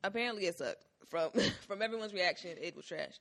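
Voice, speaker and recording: A young woman co-hosting a casual podcast, chatting in an animated way with quick swings in pitch and loudness. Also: gravelly. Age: young adult. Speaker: podcast co-host. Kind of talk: casual chat recapping a TV episode.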